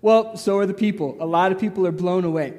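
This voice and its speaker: High-voiced man preaching in a hall. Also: fast. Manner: lively, acts out crowd voices, casual asides. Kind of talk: sermon.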